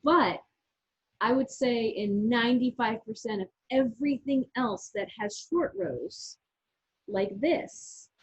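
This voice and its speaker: A woman with a slightly high, breathy voice talks through knitting techniques one step at a time, restarting her sentences as she goes. The sound is muffled and lo-fi. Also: slow pace. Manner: chatty, explains step by step with restarts. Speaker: yarn shop owner and co-host. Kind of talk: casual knitting chat. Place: yarn shop. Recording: muffled lo-fi audio.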